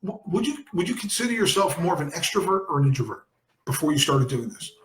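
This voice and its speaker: A man's voice: a little high, very animated, fast talker, a bit bright, roomy sound. A man from New Jersey hosting a podcast in casual chat, blunt and emphatic. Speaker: podcast host.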